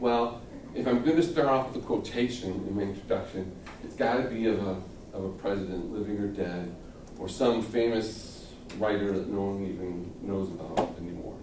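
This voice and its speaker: In roomy classroom audio from a distant mic, with faint room noise, a middle-aged man teaches speech delivery. His voice is on the low side and mellow, with fairly even intonation at normal speed. He chats casually, inserting "okay?" checks and acting out listener reactions.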